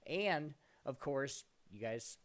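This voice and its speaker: A man's voice: mid-range voice, lively intonation, takes it slowly. A man co-hosting a live gaming stream show, rambling through plugs in a loose, casual way with restarts. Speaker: podcast co-host.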